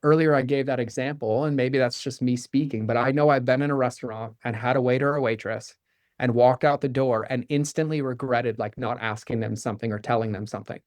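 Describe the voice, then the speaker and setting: A middle-aged man as a podcast guest, speaking earnestly in a fast flow with lots of fillers like "like" and "right?", and acting out little bits of dialogue as he goes. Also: mid-range voice, fairly even intonation, dry recording. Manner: acts out quoted dialogue with his son. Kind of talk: candid interview talk.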